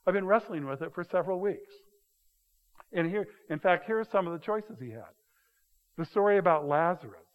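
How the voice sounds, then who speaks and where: A man with a slightly high voice preaches a sermon in a casual, storytelling way, acting out the people in his stories. His voice carries a long reverb from a big hall. The sound is somewhat dull. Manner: conversational, animated storytelling with quick acted-out voices. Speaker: pastor.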